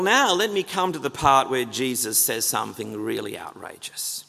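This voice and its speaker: A man delivers a sermon with a strongly gravelly, fry-laden voice. He speaks earnestly and with emphasis, often putting questions to the congregation. His voice rings out with the long reverb of a church hall. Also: medium pitch, a bit bright. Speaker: pastor.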